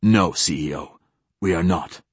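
Guy doing a curt deadpan admiral, low husky voice, dry sound. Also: a little slow, dry recording. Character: cold, clipped middle-aged male fleet admiral.

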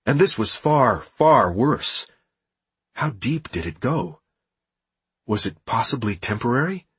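A man narrating an audiobook in a steady, measured reading with a husky voice. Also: medium pitch, no echo.

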